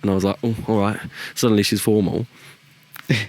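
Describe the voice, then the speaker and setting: A young man tells a story in an easy podcast chat. His voice sits slightly low, and he jumps up into acted-out quotes and swears freely. His talk is loose and full of "like" and "you know what I mean". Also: fairly even intonation, brisk, a little mellow. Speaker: podcast co-host.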